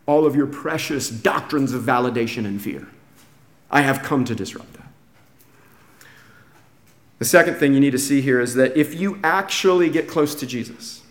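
A man preaching a sermon, telling a story with lively acted-out quotes. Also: a little high, reverberant. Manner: animated, acts out quoted voices. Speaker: pastor.

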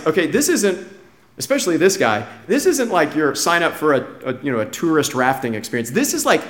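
A man preaching a sermon, telling a story with lively acted-out quotes. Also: on the high side, reverberant. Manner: animated, acts out quoted voices. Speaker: pastor.

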